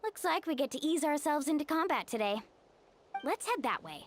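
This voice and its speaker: A woman's voice: high-pitched, very animated, normal speed, a crowd in the background. A woman voicing a confident, eager young woman fighter who talks in a breezy, self-assured way. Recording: game audio with music.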